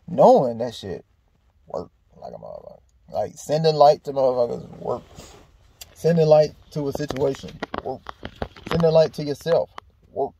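A man with a gravelly, low-lit voice talks through his thoughts in a loose, unhurried monologue. He is candid and swears freely, circling back with restarts and fillers. He is recorded outdoors in a park. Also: animated, mellow, muffled recording. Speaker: vlog host. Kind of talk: casual reflective monologue.

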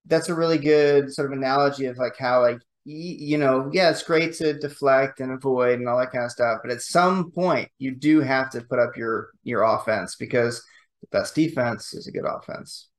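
Animated man in casual chat. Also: medium pitch, moderate pace. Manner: animated storyteller, acts out examples.

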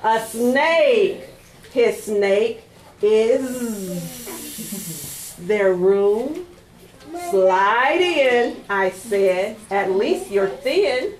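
A woman's voice: a little high, drawn-out words. A woman reading a picture book aloud at a library storytime, coaxing the children to join in. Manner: sing-song, animated, coaxing kids to join in. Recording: echoey room.

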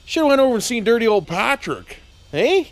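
Folksy Canadian man with a lively voice. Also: very high-pitched, normal speed. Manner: jokey, folksy, tags lines with "eh" and "why wouldn't I". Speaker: vlogger. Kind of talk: casual chat to camera.

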